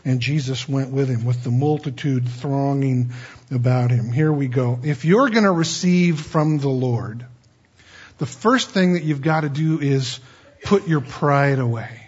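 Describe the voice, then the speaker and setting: A man's voice: medium pitch, unhurried, a little mellow, slightly rough. A man preaching a folksy Bible-teaching sermon, chatty and digressive with joking asides, on a dull lo-fi recording.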